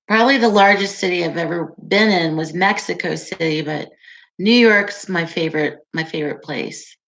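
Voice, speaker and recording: A woman in her forties hosts a casual livestream, chatting, reading viewer comments aloud and laughing often. Her voice sits on the low side, gravelly yet fairly bright, at a normal speed.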